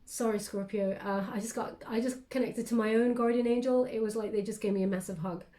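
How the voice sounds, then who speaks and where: A woman giving a casual, affectionate tarot card reading to her viewers, talking gently with plenty of fillers. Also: on the high side, fairly even intonation, brisk. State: briefly tearful then composing herself.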